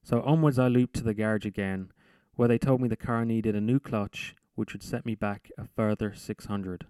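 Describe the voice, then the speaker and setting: A man reading his own short story aloud in a measured, deadpan narration. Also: fairly low pitch, smooth, no echo. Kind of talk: literary reading.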